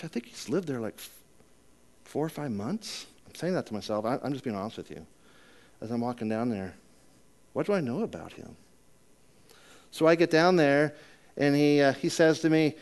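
A man preaches a conversational sermon built around a personal story, full of chatty asides and self-deprecating humor. He climbs loud and high in the exciting moments and sinks low and soft when reflecting.

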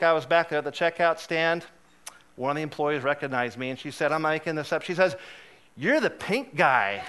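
A man delivers a sermon with an animated, self-deprecating storytelling style. His voice sits high for a man and sounds bright and crisp, and he laughs often at his own mishaps. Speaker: guest preacher. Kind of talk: sermon with humorous personal story.

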